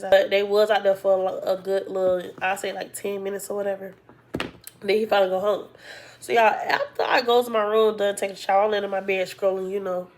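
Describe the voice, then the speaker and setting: Chatty woman telling a story. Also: mid-range voice. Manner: animated, acts out quoted dialogue, heavy use of "like"; colloquial, addresses viewers as "y'all". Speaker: storytime vlogger. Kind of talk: casual storytelling to viewers.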